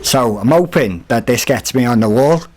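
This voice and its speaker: A man's voice: mid-range voice, normal speed, background noise. A man, a podcast guest animatedly telling a story and acting out the voices of the people in it. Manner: animated, acts out quoted voices. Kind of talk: casual storytelling.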